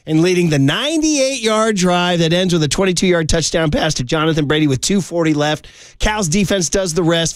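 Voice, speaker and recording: High-voiced excitable sports talk host. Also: male voice, dry recording. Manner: excitable, slangy, riffing with a co-host.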